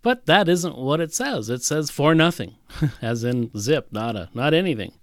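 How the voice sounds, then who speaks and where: A man's voice: a little high, expressive, normal speed, dry recording, studio quality. A man preaching a sermon, teaching from a Bible passage with emphatic, repeated phrases. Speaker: pastor.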